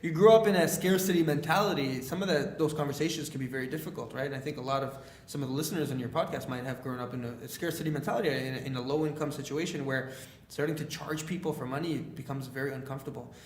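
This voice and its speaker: Telling stories in a casual podcast interview, a young Canadian leadership speaker talks fast in a mid-range voice, animatedly acting out quoted dialogue amid many fillers. The room is echoey, and there's a little hiss or hum.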